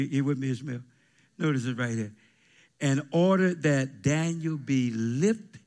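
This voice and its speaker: Gravelly preacher calling out to his church. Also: medium pitch. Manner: preaching with call-and-response, bursts of shouting. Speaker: pastor. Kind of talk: sermon. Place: church sanctuary with congregation.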